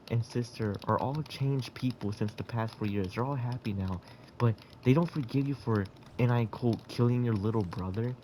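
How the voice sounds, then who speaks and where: A man's voice: medium pitch, dark tone, a little hiss or hum. A man in casual game voice chat, rambling through a crude made-up story with chuckles and restarts. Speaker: gamer telling a story in voice chat.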